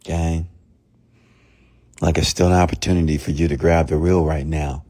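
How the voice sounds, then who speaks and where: A man's voice: extremely low pitch, fairly even intonation, moderate pace, dark tone. A young man hosting a motivational podcast, speaking in an emphatic, preachy way and repeating his key points for effect. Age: young adult. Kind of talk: motivational monologue.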